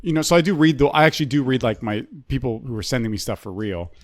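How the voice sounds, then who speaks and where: A man's voice: mid-range voice, expressive, fast talker, no echo. Laid-back man in his twenties, dry sound. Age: 20s. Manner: laid-back, loose and complaining. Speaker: guest comedian. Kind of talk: casual comedy podcast chat.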